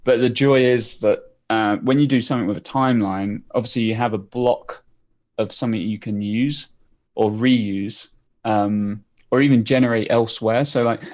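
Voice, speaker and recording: A man's voice: medium pitch, a little mellow. A man appearing as a guest developer, explaining his coding demos in a casual, rambling way. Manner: rambling, many fillers and restarts.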